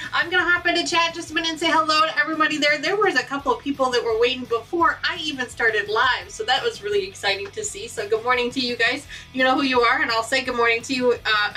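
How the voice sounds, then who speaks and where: A chatty, upbeat woman hosts a live craft stream and greets her viewers one by one. Her voice sits high and bright, a little distant from the microphone, with faint music behind her. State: has the hiccups. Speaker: quilting channel host.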